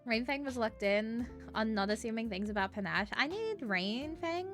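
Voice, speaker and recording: A woman's voice: on the high side, lively intonation, normal speed, a bit bright, faint music behind. A woman streamer chatting casually, giggling often and swearing freely.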